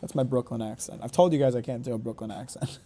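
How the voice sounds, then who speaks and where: A man's voice: mid-range voice, fast, mellow. A man giving casual gameplay commentary, rambling and joking, often correcting himself mid-sentence. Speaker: gaming YouTuber.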